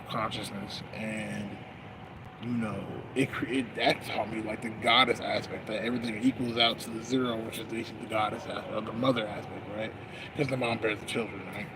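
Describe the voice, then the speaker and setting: Man, casual monologue outdoors: meandering, profane, slangy, mid-pitched, over clear street and traffic noise. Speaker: vlogger. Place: outdoors at night on a smoke break.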